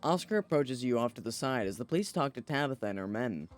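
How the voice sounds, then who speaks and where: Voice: mid-range voice, lively intonation, fast talker, faint music behind. A streamer casually playing a story game and reading its narration aloud. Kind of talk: let's play, reading game text.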